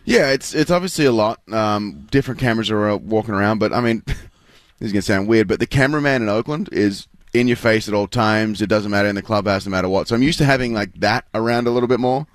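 A man's voice: lowish voice, fast, dry recording. A man with an Australian accent, chatting as a guest in a casual interview, rambling with fillers and restarts. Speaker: guest athlete.

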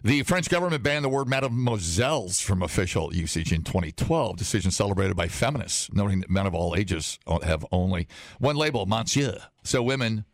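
A hoarse man hosting a casual talk show, joking and reading an article aloud, often slipping into mock voices. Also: on the low side, lively intonation, a little fast, dry recording. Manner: jokey, slips into mock voices and impressions. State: hoarse, losing his voice.

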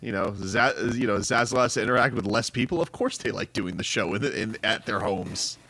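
A man's voice: lowish voice, a little fast, bright, forceful tone, slight background noise. A man hosting a sports radio show from home, chatting casually with wry, teasing banter.

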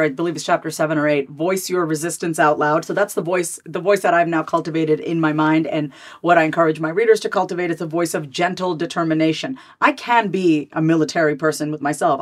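A woman in her thirties, a therapist and author, talking candidly as an interview guest in a fast, animated way, full of "like" fillers and repeated starts. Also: fairly low pitch.

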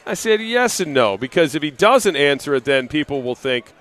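A man's voice: a little high, sing-song, normal speed, fairly bright tone. A man hosting a live sports talk radio show from an arena, talking casually with plenty of fillers and restarts. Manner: conversational, rambling with fillers and restarts.

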